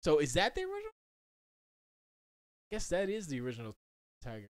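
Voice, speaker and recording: Animated joking man on a livestream. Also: fairly high pitch, brisk, no echo. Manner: animated and joking, jumps into silly quoted voices. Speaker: livestream host. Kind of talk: casual livestream commentary. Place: home studio.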